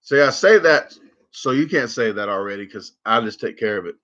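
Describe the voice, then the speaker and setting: Man, livestream host, bright forceful voice, jokey rambling chat, muffled lo-fi audio. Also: medium pitch, lively intonation, a little fast. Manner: joking, rambling, repeats words for laughs.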